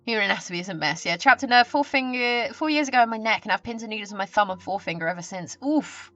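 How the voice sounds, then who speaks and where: A woman's voice: medium pitch, animated, fast, pushed and bright, muffled recording, soft background music. A woman live streamer chatting casually with her viewers. She greets them and reads their messages aloud, talking into a desk mic with a pop filter.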